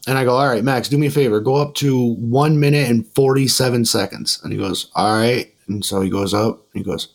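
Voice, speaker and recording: A man hosting a podcast, telling stories in a rambling, casual way with many restarts and fillers, and getting animated when he quotes others. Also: mid-range voice, fairly quick, hardly any pauses. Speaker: podcast host. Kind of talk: casual storytelling chat.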